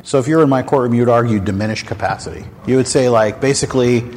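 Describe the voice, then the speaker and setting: A man hosting a candid faith talk show, speaking in a frank, animated storytelling manner. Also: mid-range voice, fast talker, a little hiss or hum. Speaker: host. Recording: long hall reverb.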